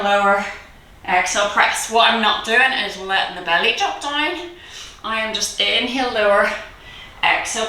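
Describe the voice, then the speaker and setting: A woman coaching a live online kettlebell workout, encouraging and out of breath, cueing reps with quick laughs. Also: on the high side, pushed and bright, distant mic, a little hiss or hum. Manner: encouraging, breathy between cues, laughs often. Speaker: kettlebell fitness instructor. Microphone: video call. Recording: echoey room, voice a bit off-mic.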